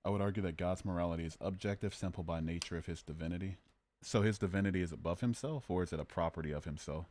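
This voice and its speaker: Man, very low voice, casual streamer, argumentative, jokey. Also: fast talker, darkish tone. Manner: argumentative, joking, reads chat aloud. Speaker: livestream host. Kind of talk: casual debate chat.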